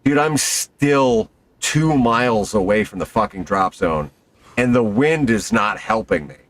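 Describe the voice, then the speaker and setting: A man recounting a story in casual chat, swearing constantly. His pitch swings widely as he acts out what people said, climbing high when excited. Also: unhurried. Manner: profane, excitable, acts out quotes in a higher voice. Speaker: skydiver telling a story.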